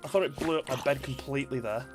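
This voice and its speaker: A man's voice: medium pitch, quick pace. A man giving casual, rambling commentary while streaming a game, chatting and laughing often. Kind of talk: casual let's-play commentary. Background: faint game music.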